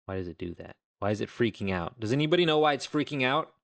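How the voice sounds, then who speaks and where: A man's voice: mid-range voice, lively intonation, fast, gravelly. A man streaming his game development live, thinking aloud in a rambling, self-interrupting way as he codes. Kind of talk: casual live-stream coding commentary.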